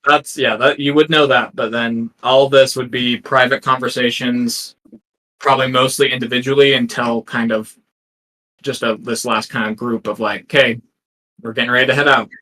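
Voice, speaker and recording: A man's voice: mid-range voice, level tone, normal speed, bright, forceful tone, low-quality recording. A man playing a tabletop role-playing game, directly laying out the group's plans. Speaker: player.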